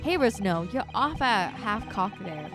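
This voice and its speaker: A woman doing a gruff Scottish-brogue prison guard, blunt and dismissive with anyone who pesters him. His voice sits at an ordinary middle pitch, and background music plays under it. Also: very animated, unhurried. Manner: broad put-on brogue, dismissive.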